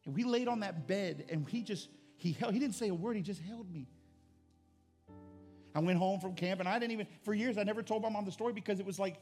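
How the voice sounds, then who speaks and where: A man's voice: high-pitched, fairly quick, darkish tone, soft background music. A middle-aged man, a pastor, preaching a sermon with earnest storytelling that rises to impassioned intensity.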